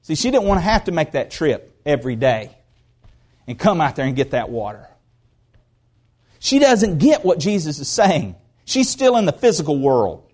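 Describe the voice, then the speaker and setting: A pastor delivers a sermon in a high voice that swoops up and down. He talks to his congregation like he is chatting with them, and he hammers points home by repeating short phrases. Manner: animated, conversational, repeats phrases for emphasis. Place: church service.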